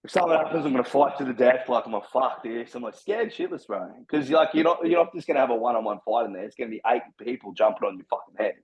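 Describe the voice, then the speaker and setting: A man's voice: medium pitch, animated, rapid-fire, hardly any pauses, darkish tone, highs cut off. Blunt, swearing Australian man. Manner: blunt, swears a lot, heavy slang. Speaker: podcast guest. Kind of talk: casual storytelling.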